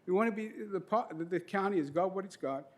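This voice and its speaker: Middle-aged man, earnest public commenter at a podium mic, slightly high voice. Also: fast talker. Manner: earnest, emotional, detailed. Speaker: public commenter, trustee of local business property. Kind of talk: public comment at a county meeting. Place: county board meeting room.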